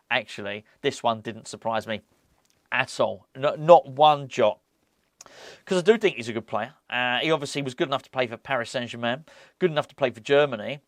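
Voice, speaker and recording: A man's voice: medium pitch, no echo. A man hosting a football fan channel, giving casual, enthusiastic commentary full of restarts. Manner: chatty, enthusiastic, many restarts.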